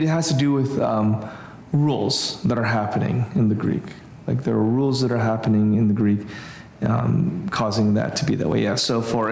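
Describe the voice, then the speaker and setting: A man teaching a relaxed church Greek class, thinking aloud with many fillers and restarts. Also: mid-range voice, creaky, roomy sound, a little hiss or hum. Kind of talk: informal church class lesson.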